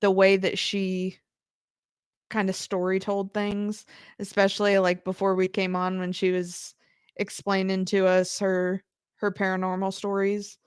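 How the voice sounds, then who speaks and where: A woman co-hosts a live radio podcast and keeps restarting her phrases as she talks. Her pitch sits in the middle, and the recording is dry and close. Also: completely flat delivery, unhurried, clear, resonant tone, dry recording. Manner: hesitant, stop-start, many restarts. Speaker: podcast co-host. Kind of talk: casual live radio chat.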